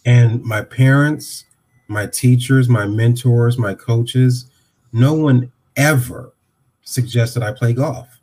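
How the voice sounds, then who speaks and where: A man in his sixties from Ohio, a podcast guest telling a story and acting out the dialogue with lively voices. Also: mid-range voice, slow. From Dayton, Ohio.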